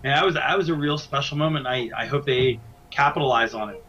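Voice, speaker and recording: Bright-voiced man in a home den. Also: mid-range voice, a little fast. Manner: stammering restarts, enthusiastic. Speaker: wrestling broadcaster, guest. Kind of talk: casual interview chat. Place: small home man cave. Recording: dull lo-fi sound, faint noise.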